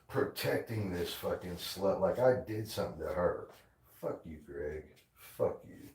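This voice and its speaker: A man's voice: low voice, a little mellow, roomy sound, rough recording. A man ranting angrily at a commenter, insulting and aggressive, repeating himself. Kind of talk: angry profane rant.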